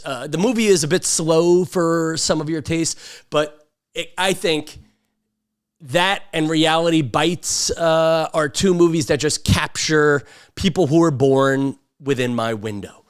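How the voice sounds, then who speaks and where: A man in his fifties from Long Island, hosting a podcast in a rambling, sarcastic and self-mocking casual monologue. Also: fairly high pitch. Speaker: podcast host.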